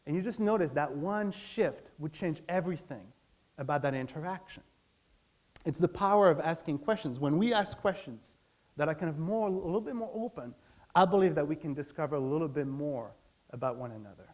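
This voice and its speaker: A man speaks from a stage with lively energy, often turning to the crowd with questions. His voice sits on the higher side for a man, and he slips into quick acted snippets of everyday conversation. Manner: animated, acts out everyday dialogue in quotes; asks the audience direct questions. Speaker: speaker giving a talk. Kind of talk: public talk on stage.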